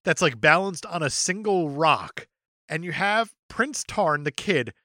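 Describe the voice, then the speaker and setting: A man's voice: a little high, no echo, clean studio sound. Male podcast co-host, joking movie recap; bouncy, wide-ranging delivery. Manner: animated, jokey, acts out characters in quick bits. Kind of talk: casual movie-review chat.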